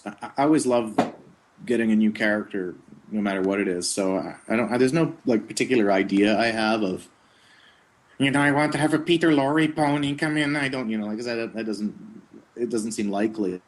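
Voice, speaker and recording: Low-voiced man telling rambling anecdotes. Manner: slips into quick character voices mid-sentence; relaxed, rambling storytelling with chuckles. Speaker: voice actor guest. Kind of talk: casual interview chat.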